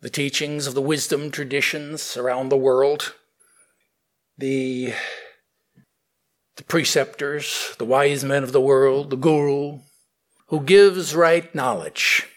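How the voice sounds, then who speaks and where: A man telling a fable and then explaining its spiritual meaning, thoughtful with frequent pauses. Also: on the high side. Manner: slow, thoughtful, with fillers and restarts. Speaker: spiritual teacher.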